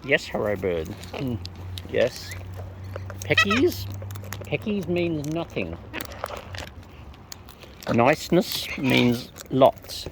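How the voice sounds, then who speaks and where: A woman outdoors chatting playfully to wild birds, her greetings jumping into squeaky high hellos, recorded on a phone. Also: big pitch swings, slow, creaky, long pauses, noisy background. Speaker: vlogger feeding wild birds. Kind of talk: casual chat to birds. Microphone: phone camera.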